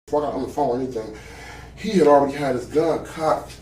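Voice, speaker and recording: A man's voice: mid-range voice, quick pace, darkish tone, reverberant, recorded from a distance, slight background noise. A man giving a witness statement in a police interview, talking in an agitated, profane way and often repeating himself.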